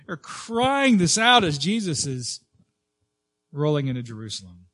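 A man preaching a sermon as pastor, earnest, with frequent fillers and restarts, rising and slowing to stress key words. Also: on the high side, very animated, fairly bright tone.

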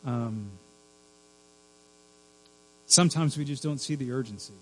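A man preaching a sermon as pastor, dropping to a hush and then rising to loud cries for emphasis. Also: mid-range voice, measured pace, a little hiss or hum, rough recording. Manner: swings from hushed to shrieking for emphasis.

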